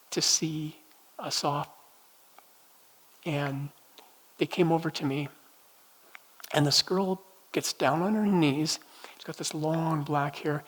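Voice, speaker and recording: A man leading a church prophetic training night, telling personal stories in a gentle, conversational way with halting restarts. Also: on the high side, slightly rough, poor audio. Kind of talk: teaching talk with personal storytelling. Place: church meeting room.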